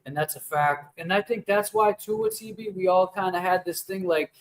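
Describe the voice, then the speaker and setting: Brief: male stream host, a touch higher-pitched, blunt and swearing, rambles on. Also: animated, moderate pace, rough recording. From Boston. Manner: emphatic, profane, rambling. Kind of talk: casual livestream chat.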